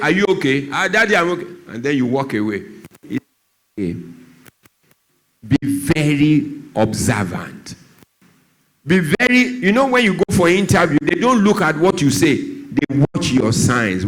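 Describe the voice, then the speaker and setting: At church, a Nigerian man who works as a doctor and speaks about drug abuse shares stories. He acts out the voices of those in them, his pitch shifting a lot as he performs the dialogue.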